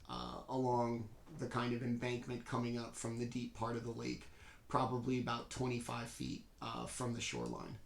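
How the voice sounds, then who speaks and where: A man runs a tabletop game as game master, with a mid-range voice. He describes scenes slowly and pauses often to find his words. The room has a noticeable echo. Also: medium pitch, gravelly. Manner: unhurried, descriptive narration with frequent pauses. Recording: echoey room.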